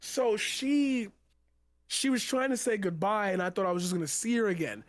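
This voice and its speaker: A man's voice: high-pitched, moderate pace, dry recording. A young man, a poet guest on a stream, casually telling a rambling personal story, laughing and swearing freely.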